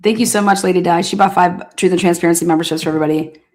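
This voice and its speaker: A woman's voice: fairly low pitch, fairly even intonation, racing. A woman hosting a live stream, chatting casually with viewers in a sassy, blunt way and swearing now and then. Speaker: livestream host.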